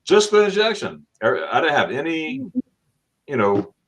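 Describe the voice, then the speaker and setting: A middle-aged man from Florida hosting a casual livestream chat, telling animated stories and acting out what people said with laughs. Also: a little high, moderate pace, slightly rough. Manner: animated storyteller, acts out quotes with laughs. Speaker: livestream host.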